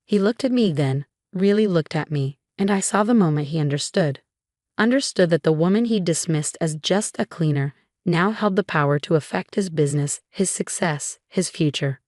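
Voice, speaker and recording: A woman reading a first-person story aloud in a measured, even manner. Her voice sits on the low side and sounds close and completely dry. Steady scripted narration, close to the mic. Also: no echo.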